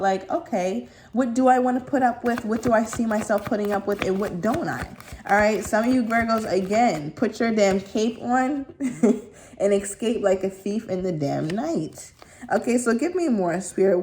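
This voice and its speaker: Chatty woman doing a tarot reading. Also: mid-range voice. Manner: chatty, animated, acts out playful asides. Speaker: tarot reader.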